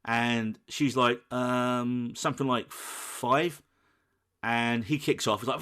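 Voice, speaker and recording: Guy on a movie podcast, mid-pitch, gets animated acting out bits. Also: unhurried. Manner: animated storytelling, acts out quoted lines. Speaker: podcast co-host. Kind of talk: casual film chat.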